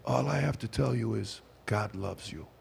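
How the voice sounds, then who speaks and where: A man imitating an elderly preacher who speaks in a slow, hushed, solemn way. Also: fairly low pitch, gravelly, husky, exaggerated voice.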